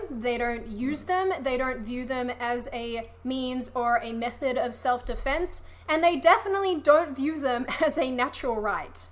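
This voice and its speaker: A woman's voice: high-pitched, pushed and bright. A woman from Australia with an Australian accent, giving wry, matter-of-fact scripted narration for a video essay.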